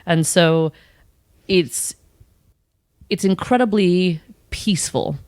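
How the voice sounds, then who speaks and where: A woman with a slightly low voice talks casually as a podcast guest. She jumps into playful voiced asides and laughs often. The sound is dry and close. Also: slow pace, darkish tone, no echo. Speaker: guest, spiritual coach and channel.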